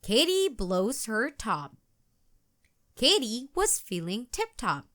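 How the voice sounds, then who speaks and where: Children's read-aloud narrator, woman; gentle, expressive, lively melody. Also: fairly high pitch, slow. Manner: gentle, expressive, sing-song. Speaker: children's book reader.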